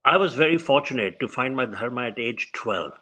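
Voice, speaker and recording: A man's voice: medium pitch, fairly quick, rough recording. A man, a physician telling stories as an interview guest and acting out the voices he quotes. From India. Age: 70s. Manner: animated storyteller who acts out quoted voices. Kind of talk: storytelling in an interview.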